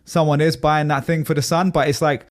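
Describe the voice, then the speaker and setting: A man's voice: fairly high pitch, little pitch movement, a little fast. A man co-hosting a podcast in casual chat, talking at length and laughing easily. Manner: chatty and rambling, laughs easily. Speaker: podcast co-host.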